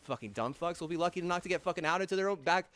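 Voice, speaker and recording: A young man with a fairly high voice rants angrily into the camera. He swears in nearly every sentence, circles back over half-finished thoughts and piles on fillers. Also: lively intonation, a bit bright. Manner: angry, heavy swearing, halting restarts and fillers. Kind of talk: profane rambling rant.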